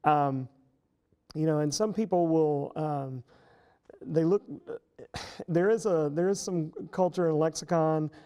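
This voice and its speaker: A middle-aged professor talking casually as an interview guest, explaining at length with many fillers and restarts. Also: male voice, a little high, takes it slowly, pauses often, warm tone, clear, resonant tone.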